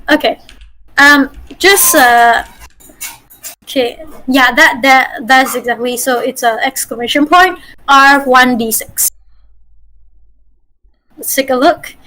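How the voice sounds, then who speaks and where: A woman's voice: high voice, slow, pauses often, sharp tone, slight background noise, rough recording. A woman from Malaysia, a game master teaching voice acting over a group call, chatty and encouraging. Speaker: game master leading a workshop.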